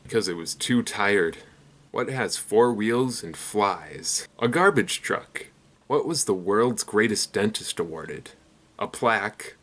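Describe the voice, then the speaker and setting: A young man hosting his own channel, telling a rapid string of one-liners in a deadpan way. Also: fairly low pitch. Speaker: comedy channel host. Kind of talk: rapid-fire joke telling.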